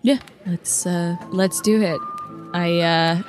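A woman's voice: on the low side, steady tone, slow pace, soft background music. A woman playing a tabletop game, easygoing and giggly. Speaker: player. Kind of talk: casual tabletop game play.

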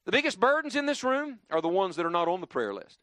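Animated preacher. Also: male voice, high-pitched, quick pace, no room sound, clean studio sound. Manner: lively, rising and dropping emphatically, leading the congregation in call-and-response. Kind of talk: sermon. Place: church before a congregation.

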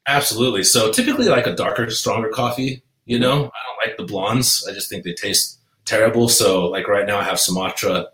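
A relaxed man chatting on a podcast, loose and friendly in tone, calling people dude and bro. His voice sits in a roomy, echoey space. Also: lowish voice, fairly quick. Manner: laid-back, says dude and bro a lot. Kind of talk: casual chat. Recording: roomy echo.

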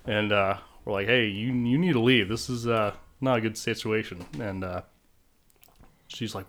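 Lowish male podcast co-host, rambling casual storyteller. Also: steady tone, moderate pace, a bit bright. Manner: rambling anecdotes with many fillers. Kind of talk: casual chat.

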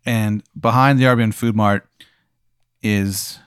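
A man narrating as game master in an improvised tabletop game, telling it in a casual, deadpan way. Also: on the low side, slow, clean tone, no room sound, studio quality.

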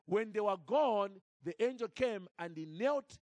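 A man's voice: sits high, expressive, a little slow, no echo, pitched above the performer's own voice. Eager little girl, earnest, breathless, a preacher putting her on. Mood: excited.

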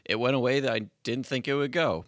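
A man's voice: medium pitch, steady tone, brisk, no echo, studio quality. A man co-hosting a podcast, talking in a wry, blunt, casual way with the odd curse. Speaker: podcast co-host. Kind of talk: casual chat.

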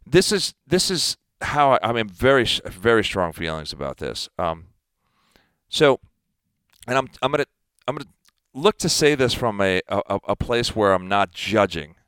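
A man in his fifties, a guest athlete, talking in a casual interview in an emphatic, animated way. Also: fairly low pitch, normal speed, clean tone, no room sound. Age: 50s.

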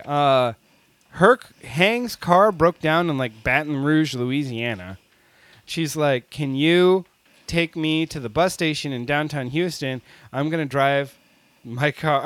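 A man's voice: on the high side, a bit bright, no echo. A man co-hosting a podcast, telling a long story in casual chat, laughing often and using many fillers. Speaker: podcast co-host.

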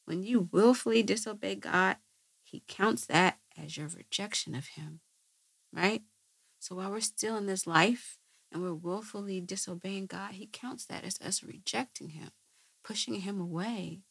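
A woman's voice: medium pitch, unhurried, creaky, breathy edge, no room sound. A woman host answering viewer questions with earnest religious teaching, often asking rhetorical questions and checking with "right?".

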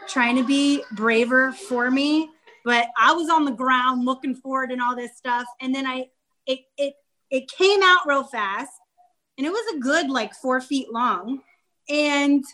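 A woman telling a story in casual chat, animated, acting out her own shouts. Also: sits high, slight background noise. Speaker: guest author.

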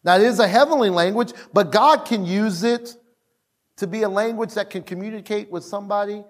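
A man's voice: sits high, brisk. A male pastor preaching a sermon at a church service, calling out exclamations and stretching key words for emphasis.

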